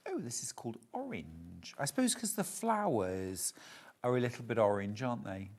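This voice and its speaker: A man's voice: medium pitch, sing-song, normal speed. A man presenting fabrics on a live home shopping show, chatty and full of enthusiasm.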